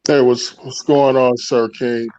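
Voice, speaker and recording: A man's voice: medium pitch, level tone, measured pace, a crowd in the background. Insistent man calling in over lo-fi audio. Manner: insistent, probing. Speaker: caller. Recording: dull lo-fi call audio.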